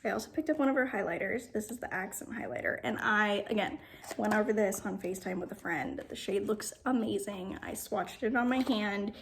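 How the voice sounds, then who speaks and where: At a mirror at home, a young beauty vlogger gives her first impressions of makeup, gushing and often dropping to a whisper. Her mid-range voice is fairly quick with vocal fry, and there's a little hiss or hum.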